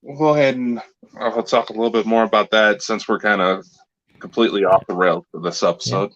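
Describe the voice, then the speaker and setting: A man's voice: lowish voice, steady tone, a little fast, fairly bright tone, lo-fi sound. A man co-hosting a show, making dry teasing jokes at his co-host in casual chat. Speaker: podcast co-host. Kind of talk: casual banter.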